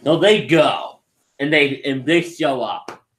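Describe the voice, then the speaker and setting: A man's voice: a little high, slow, fairly bright tone. Rambling young man reviewing a movie. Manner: rambling, enthusiastic, restarting sentences. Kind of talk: casual live review. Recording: roomy echo.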